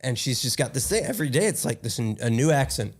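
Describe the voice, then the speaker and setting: A man's voice: mid-range voice, very animated, quick pace. A man in his thirties from the United States, hosting a podcast in loose, rambling casual chat. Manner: loose, rambling, laid-back. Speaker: podcast host.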